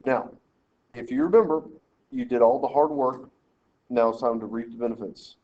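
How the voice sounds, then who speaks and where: A man's voice: mid-range voice, normal speed, highs cut off. A man teaching a math lesson, working through problems step by step and telling students how to lay out their work. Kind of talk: screen-recorded math lesson walkthrough.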